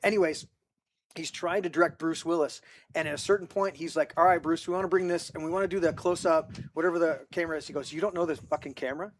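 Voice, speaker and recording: A man's voice: fairly high pitch, steady tone, fast, a little hiss or hum. A man hosting a casual movie podcast, rambling through stories with many restarts and acting out quotes. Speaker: podcast host. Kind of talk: casual group chat about movies.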